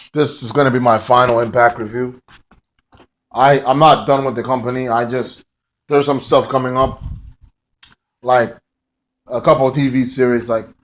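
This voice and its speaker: Male reviewer, casual recap voice, mid-pitched, rambling delivery with frequent fillers. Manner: loose and rambling, full of fillers. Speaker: wrestling show reviewer.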